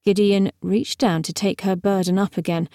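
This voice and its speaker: A woman narrates a novel in a measured, expressive manner. Her voice sits in a middle register. The recording is close and completely dry. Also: medium pitch, no echo. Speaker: audiobook narrator. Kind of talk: scripted narration.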